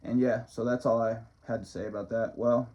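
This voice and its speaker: A man's voice: mid-range voice, level tone, a little fast, dark tone. A man rambling casually into the camera as a motivational vlogger, swearing freely and chuckling as he talks. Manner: loose, profane, chuckling often.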